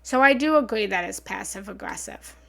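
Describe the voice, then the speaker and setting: Speaking a little fast with lively intonation, a woman of medium pitch has a creaky, fairly bright voice. She's live-streaming a casual meditation talk at home, chatting earnestly as she reads and responds to comments, often repeating herself and thanking viewers. Her studio mic runs through a small soundboard.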